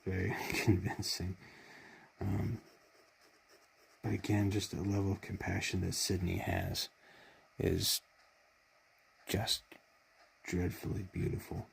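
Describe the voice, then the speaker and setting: A man's voice: flat delivery, takes it slowly, long pauses, slight background noise. A man retelling a favorite TV episode in casual fan commentary, heartfelt and rambling, choked up with emotion. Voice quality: deep gravelly husky voice.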